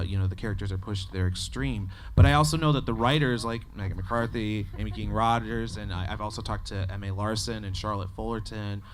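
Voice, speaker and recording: A man's voice: lowish voice, slight background noise. A man moderating a fan convention panel in a chatty, playful way.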